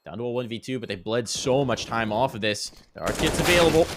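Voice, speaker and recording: A man giving measured, analytical commentary on the game. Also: medium pitch, background noise. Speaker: esports analyst.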